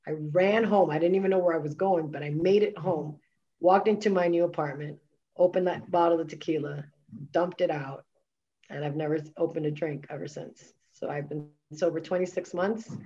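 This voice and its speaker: Candid low-voiced woman, dull lo-fi sound. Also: fairly even intonation, normal speed, mellow. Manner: emphatic, frequent filler words and restarts. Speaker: guest, wellness coach. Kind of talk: candid personal storytelling in conversation.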